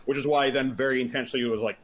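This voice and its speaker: A man's voice: mid-range voice, steady tone, rapid-fire, slight background noise. A man co-hosting a commentary, rambling casually with lots of fillers about his own writing. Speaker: co-host and writer.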